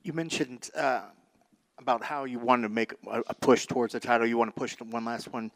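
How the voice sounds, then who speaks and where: Fast-talking male reporter. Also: mid-range voice, a bit bright, poor audio. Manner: rambling, long-winded questions. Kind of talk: asking interview questions.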